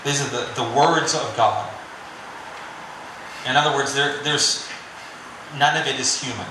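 A man's voice: medium pitch, fairly even intonation, unhurried, background noise. Man preaching in a very echoey room. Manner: conversational and joking, with filler "you know". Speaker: pastor. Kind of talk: sermon.

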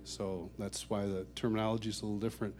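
A middle-aged man, a worship songwriter, telling personal stories to a church audience in a warm, chuckling, self-deprecating way. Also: fairly low pitch, level tone, fast talker. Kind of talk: anecdotal storytelling talk.

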